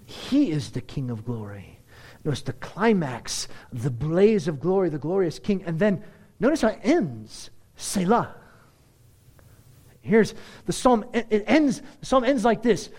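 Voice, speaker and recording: Animated male preacher, high lively voice. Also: a little slow. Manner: animated preaching, rising to excited emphasis. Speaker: pastor. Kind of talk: sermon.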